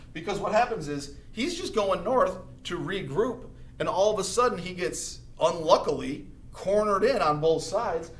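A man teaching high school history in a casual, chatty lecture, acting out historical figures as he goes. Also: a bit bright, a little hiss or hum. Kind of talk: recorded classroom lecture. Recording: echoey room recording.

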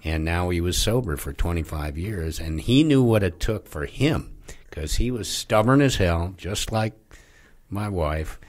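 A man talking as a podcast guest, telling a personal story in a halting way, repeating words and trailing off quietly. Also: sits low, expressive. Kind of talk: conversational storytelling.

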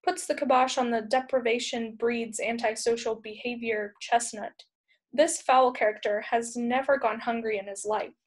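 A woman's voice: on the high side, steady tone, moderate pace, natural voice. A woman voicing a pompous male behavioral analyst professor in a storybook reading, smug and lecturing.

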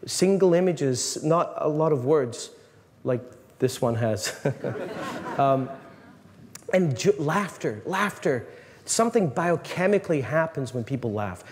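A man, a priest, giving an animated, joking talk to a live audience, often restarting his sentences. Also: a little high, slow. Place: large hall. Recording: long reverb in a hall, faint room noise.

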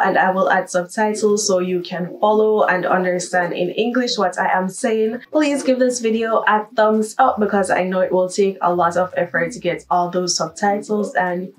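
A young Jamaican woman talks in a chatty, upbeat vlog manner, her voice set at an ordinary middle pitch. She sits a little back from the microphone, so it sounds slightly distant. She moves easily between standard English and patois. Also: slight background noise. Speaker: vlogger. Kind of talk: casual accent-tag vlog.

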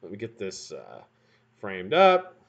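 A man's voice: on the low side, huge pitch swings, slow pace. A man hosting a casual live stream from a room at home, chatting and swearing freely while building something at his bench. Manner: rambling, profane, joking asides to chat. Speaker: livestream host building vape coils. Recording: dull lo-fi stream audio.

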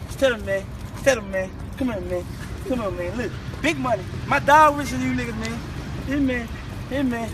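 A man's voice: very high-pitched, moderate pace. A young man, bragging and trash-talking in a casual phone video, repeating short phrases over and over. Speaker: rapper posting social media clips. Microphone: phone camera. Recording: outdoor street noise, passing cars.

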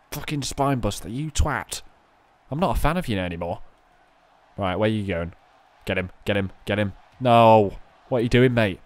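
A young man chatting his way through a wrestling video game, swearing freely and talking straight to his viewers. His voice sits a little low but swings widely up and down with every reaction. The recording is dry and close, with no room sound around him. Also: a little mellow, no room sound. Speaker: gaming video creator. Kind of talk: casual gameplay commentary.

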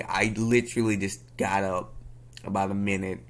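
A young man venting in a casual, slangy monologue, repeating himself and bursting into loud outbursts. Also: low voice, fairly even intonation, normal speed. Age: young adult. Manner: slangy, repeats himself, laughs at his own jokes. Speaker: vlogger.

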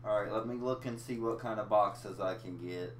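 A man's voice: on the low side, normal speed. A man co-hosting a casual gaming video, teasing and laid-back. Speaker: co-host. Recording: roomy echo, faint noise.

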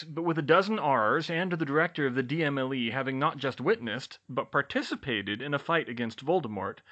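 A man narrating a fan-fiction audiobook in an expressive reading style. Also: mid-range voice.

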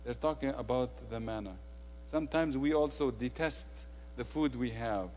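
A man with an Egyptian accent preaching a sermon, swinging between quiet, intimate asides and loud, emphatic declarations. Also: medium pitch, animated, moderate pace, big-room sound, slight background noise.

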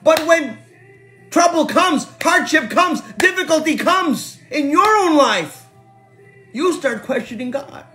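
A male pastor preaching a sermon, swinging from soft and slow to shouting and repeating phrases for emphasis. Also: very high voice, lively intonation, faint music behind.

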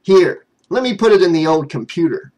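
A cocky young joker who teases his buddy with matter-of-fact ease, a little higher and louder than plain talk. A male narrator puts him on during a storybook reading. He stays laid-back and amused. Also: lively intonation, normal speed. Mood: teasing.

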